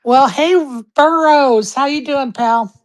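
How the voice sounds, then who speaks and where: A woman hosting a casual chat, teasing her guests and quick to laugh. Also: high voice. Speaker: host.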